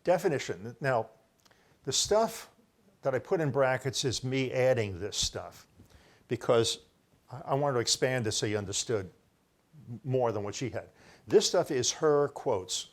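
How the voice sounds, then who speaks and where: A man's voice: mid-range voice, expressive, a little slow. An older man giving a rambling solo talk, presenting his own research and often correcting himself as he insists he was first with an idea. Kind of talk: solo lecture to camera, showing book pages.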